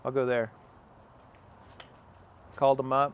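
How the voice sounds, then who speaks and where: Outdoors on a farm, a young man appearing as an interview guest tells a long personal story, rambling casually with plenty of fillers and acted-out quotes. His mid-range voice moves at normal speed with fairly even intonation, and the lo-fi recording carries a slight hiss or hum.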